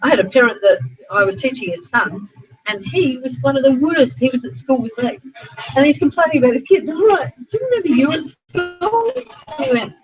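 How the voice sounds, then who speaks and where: High-voiced Australian woman, animated talk. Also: over music. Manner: animated, chatty, frequent asides and quick restarts. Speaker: sport psychologist. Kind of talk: informal talk to a small student group. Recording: dull lo-fi recording.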